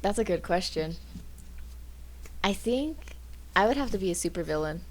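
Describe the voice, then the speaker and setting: A woman's voice: medium pitch, expressive, normal speed. A woman guest on a podcast, easygoing and giggly in casual chat.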